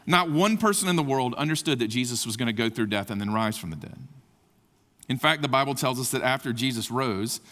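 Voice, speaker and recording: Impassioned preacher in a reverberant hall. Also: male voice, mid-range voice, expressive, fairly quick, a bit bright. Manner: impassioned, rising to emphatic peaks. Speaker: conference speaker. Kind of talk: sermon. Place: large conference hall.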